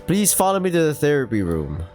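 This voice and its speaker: A man's voice: on the high side, huge pitch swings, fairly quick, a little mellow, faint music behind. A man voicing a blunt, lecturing middle-aged male therapist in a game playthrough.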